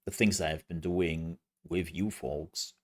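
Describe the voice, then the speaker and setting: A man's voice: sits low, steady tone, slow. A man streaming, chatting casually with viewers in a rambling, self-mocking way. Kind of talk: casual live-stream chat.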